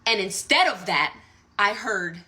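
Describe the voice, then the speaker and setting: Woman, casual story time, rambling, earnest, swears, bright tone. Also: mid-range voice, animated, measured pace. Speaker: social media storyteller.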